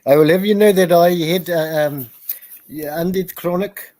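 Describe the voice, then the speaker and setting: A man's voice: on the high side, normal speed, darkish tone, no echo. A man in a casual voice chat, talking in a chatty, self-amused way with stammering starts.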